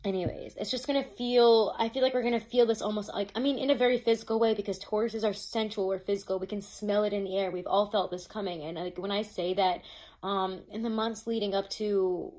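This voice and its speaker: Her mid-range voice is darkish, a little fast, and fairly even in intonation as she does a laid-back tarot reading. Chatty and loose, she swears freely and keeps restarting while fumbling over her notes.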